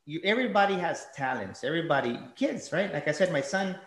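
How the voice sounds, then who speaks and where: A man's voice: fairly high pitch, big pitch swings, quick pace, a bit bright, roomy sound. A middle-aged man, a guest and father, telling stories in a casual conversation and acting out the voices he quotes.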